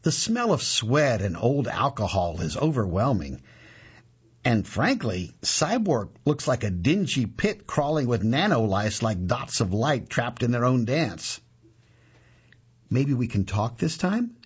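Husky man reading gritty first-person fiction. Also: medium pitch. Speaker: narrator. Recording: dull lo-fi recording.

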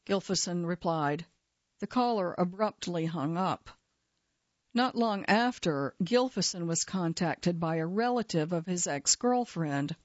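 A woman narrating a true-crime story in a measured, steady scripted delivery. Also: lowish voice, no echo. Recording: slightly dull, dry studio sound.

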